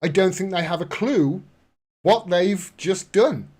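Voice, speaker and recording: A man's voice: high-pitched, a little slow, darkish tone, breathy edge. A man giving casual political commentary on a vlog in an indignant, sarcastic way. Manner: indignant, sarcastic, rising to outbursts. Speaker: commentary vlogger.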